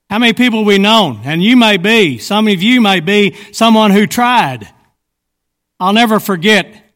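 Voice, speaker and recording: A man's voice: high-pitched, a bit bright. A man preaching a sermon to his congregation, reading scripture and firing rhetorical questions at his listeners. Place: church sanctuary. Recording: long hall reverb.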